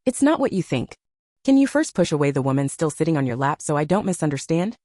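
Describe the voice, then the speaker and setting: A woman's voice: low voice, quick pace, no room sound, clean studio sound. A woman voicing a cool, aloof male boss. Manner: calm, businesslike. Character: aloof stern young male company president.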